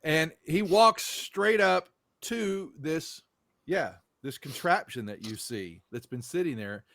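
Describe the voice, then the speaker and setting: Rambling game master. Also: male voice, a little high, expressive, slow pace, creaky, fairly bright tone. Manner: loose, rambling, full of fillers and restarts. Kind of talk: narrating a tabletop game.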